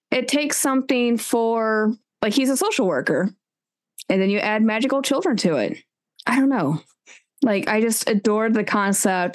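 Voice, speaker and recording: A woman co-hosting a casual book chat, animated and self-mocking, with sudden pitch jumps when flustered. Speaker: podcast co-host.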